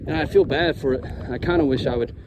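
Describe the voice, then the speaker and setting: A man's voice: medium pitch, fast. A young man vlogging outdoors while he walks by water, telling his life story in a frustrated, venting, swearing way. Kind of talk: personal story vlog while hiking. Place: outdoors by water, walking a trail. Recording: outdoor recording with loud wind and water noise.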